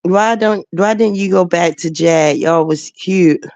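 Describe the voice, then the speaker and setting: A woman's voice: fairly low pitch, unhurried, a little mellow, dry recording. A woman hosting a late-night livestream chat, emotional and laughing as she answers her viewers by name. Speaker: livestream host.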